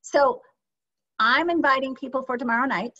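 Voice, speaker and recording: A woman teaching a sales training session, lively and often checking in with her audience with questions. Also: high-pitched, normal speed. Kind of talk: training session on a video call. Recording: slightly dull lo-fi sound.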